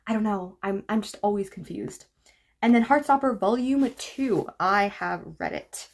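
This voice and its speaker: A woman talks casually to camera as a book vlogger. She rambles in a wry, chatty way, ticking off titles one by one. Her voice sits at an ordinary middle pitch. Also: normal speed.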